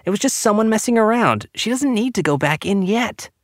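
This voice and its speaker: A man voicing a protective teenage boy, pleading and reassuring in a raised, higher voice. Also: animated, brisk, dry recording, clean studio sound. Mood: urgent reassuring. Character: anxious protective teenage boy, older brother.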